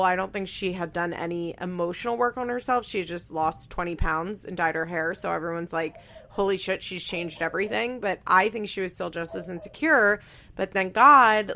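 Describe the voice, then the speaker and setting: A woman's voice: lowish voice, creaky, pushed and bright. A woman host giving casual, blunt commentary on a reality show, chatty and swearing freely.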